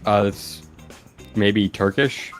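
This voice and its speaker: Low-voiced man telling crude stories. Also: slow, faint music behind. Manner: loose, crude anecdotes with many fillers. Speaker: guest gaming YouTuber. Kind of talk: casual crude banter on a stream.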